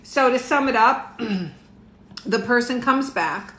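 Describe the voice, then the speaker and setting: Speaking slowly in a high-leaning, slightly bright voice, a middle-aged woman does a casual live tarot reading at home. She talks with her viewers and often laughs. The room sounds echoey, with faint noise.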